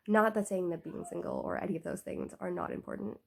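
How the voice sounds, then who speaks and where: A woman talking casually in a book vlog, husky and sick with a cough, rambling with many "like" fillers. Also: on the low side, brisk. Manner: rambling, full of "like" fillers, animated rants. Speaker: book vlogger. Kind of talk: casual chat. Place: indoors at home.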